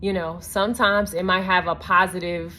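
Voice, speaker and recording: A woman telling a personal story in a casual vlog, animated and earnest, with many "I'm like" asides and a reflective, faith-minded close. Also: lowish voice, moderate pace, slight background noise. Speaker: vlogger.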